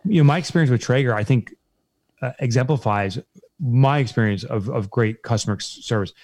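A man's voice: mid-range voice, fairly quick, a little mellow, dry recording. A man co-hosting a casual business chat, telling an upbeat story with lots of energy. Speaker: business co-owner, podcast host.

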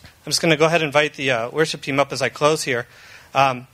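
A man's voice: medium pitch, steady tone, quick pace, bright, forceful tone. A man in his thirties, a pastor giving an earnest, conversational sermon. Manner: earnest and conversational, with frequent fillers and restarts.

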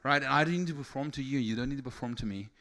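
A man with a mid-range voice preaches rapid-fire, beginning in a relaxed, conversational way before rising to fervent shouting.

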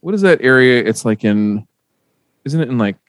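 A man hosting a podcast, telling stories in a casual, profane, animated way. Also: mid-range voice, normal speed, dry recording. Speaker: podcast host. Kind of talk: casual chat.

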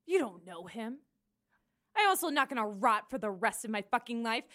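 A woman's voice: a little high, very animated, normal speed. A woman playing a defiant young woman in a tabletop game, pushing back with rising anger. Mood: angry. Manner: defiant, rising to angry shouts.

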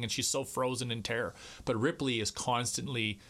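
A man's voice: mid-range voice, steady tone, fairly quick, bright, forceful tone. A man co-hosting a podcast, talking emphatically about a film with plenty of filler words and the odd curse. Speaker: podcast co-host. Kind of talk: casual film discussion.

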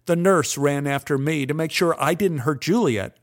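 A man's voice: a little high, moderate pace. An older man telling a personal story in a wry, dryly humorous way. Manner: wry, dry humor with acted-out quotes.

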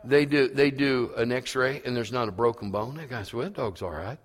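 Folksy preacher in an echoing church. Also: male voice, medium pitch, brisk. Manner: folksy storytelling, rising to fervent preaching. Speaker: pastor. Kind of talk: sermon. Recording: reverberant church hall.

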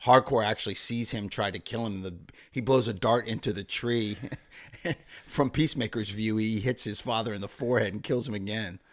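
A man's voice: lowish voice, a little fast. Man chatting about a TV show. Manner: laughing, jumps in to finish the other's lines. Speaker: podcast co-host. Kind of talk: casual chat about a TV show.

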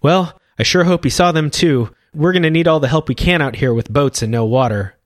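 A man's voice: on the high side, a little fast, no echo, studio quality, pitched above the performer's own voice, lightly acted. A man voicing a cheerful, brave young boy who tells his story eagerly.

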